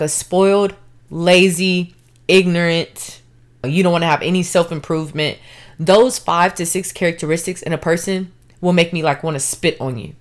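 A young woman hosting a solo podcast, talking candidly and emphatically, addressing listeners as y'all. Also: mid-range voice. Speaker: podcast host. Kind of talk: casual solo podcast monologue.

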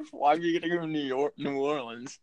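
A man's voice: on the high side, normal speed, darkish tone, dry recording, lo-fi sound. A man hosting a casual podcast, loose and profane, laughing often between remarks. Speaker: podcast host.

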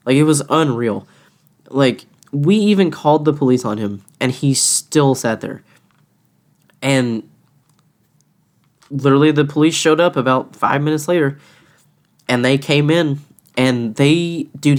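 A man's voice: medium pitch, moderate pace. A young man who works as a cashier, casually retelling a run-in with a rude customer, swearing often and laughing between lines. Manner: animated, profane, laughing retelling. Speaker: restaurant cashier. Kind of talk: casual storytelling chat.

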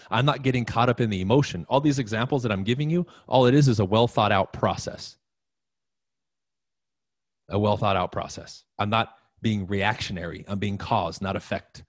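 A man's voice: on the low side, no room sound, studio quality. A man giving a casual, emphatic motivational talk to an audience, repeating key phrases and asking them questions. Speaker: motivational speaker.

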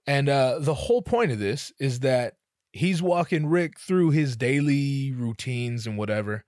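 A young man hosting a podcast, telling a casual, profane, self-mocking story, his voice jumping up in pitch for his own quoted reactions. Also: lively intonation, normal speed, darkish tone, dry recording, studio quality. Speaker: podcast host.

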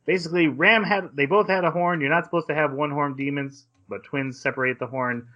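A man co-hosting a podcast, casually recapping an episode in a rambling way with quick quoted asides. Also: fairly high pitch, steady tone, lo-fi sound. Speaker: podcast co-host.

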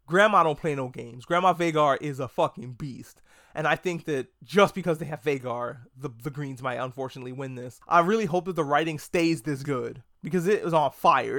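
Excitable, cursing man reviewing a show. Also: fairly high pitch, no room sound, studio quality. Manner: excitable, profane, rambling. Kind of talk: casual video review.

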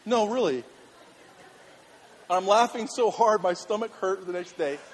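A male pastor telling a funny personal story in a sermon, animated and laughing, then turning earnest. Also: high-pitched, unhurried, a little hiss or hum. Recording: reverberant hall with faint ambience.

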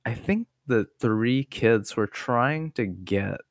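A young man chatting casually about films, joking around with crude humor. His voice jumps up and down in pitch, sitting at a middle register. The sound is dry and close, with no room around it. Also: animated, takes it slowly, no echo. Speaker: podcast co-host. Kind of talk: casual chat.

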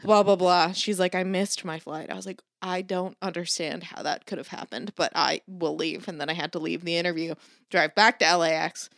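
A woman's voice: lowish voice, normal speed, vocal fry, dry recording. Storytelling woman, dry close sound. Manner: animated anecdote-telling, swears freely, mimics others in quotes. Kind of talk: casual chat, storytelling. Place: Los Angeles area.

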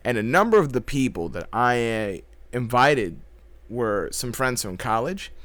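A man co-hosting a casual podcast, explaining things in a measured way with a few restarts. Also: mid-range voice, big pitch swings, fairly bright tone, dry recording. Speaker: podcast co-host. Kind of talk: casual conversation.

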